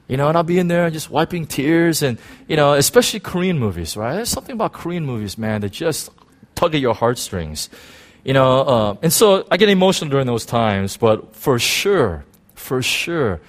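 A middle-aged man preaching a sermon, swinging between shouted lines and hushed asides, full of restarts and "you know.". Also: mid-range voice. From United States. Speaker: pastor.

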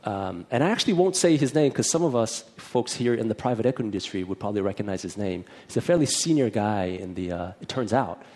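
Guy preaching, telling his story, voice jumps all over the place, kinda raspy. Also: fairly low pitch, animated, fast talker, hardly any pauses, darkish tone. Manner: chatty storytelling, acting out both sides of the dialogue. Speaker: minister. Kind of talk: personal testimony in a sermon.

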